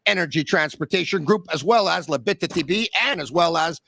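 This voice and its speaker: A man hosting a hockey podcast, talking with excitable energy and sudden swings in pitch. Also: brisk, vocal fry, no echo, studio quality. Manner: excitable, sings and shouts bits, big pitch swings. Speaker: podcast host. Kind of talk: energetic sports talk.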